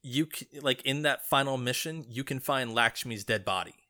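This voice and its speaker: A man on a gaming podcast, reading a story aloud in slow, hushed tones, then chatting loudly and excitedly with his co-host. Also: mid-range voice. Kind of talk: measured story reading, then casual chat.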